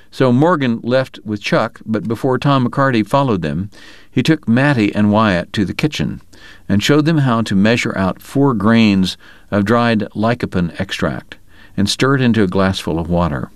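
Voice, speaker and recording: Guy reading a western novel aloud, low voice, super dry recording. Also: dry recording. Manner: measured, even reading. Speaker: audiobook narrator. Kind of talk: scripted narration.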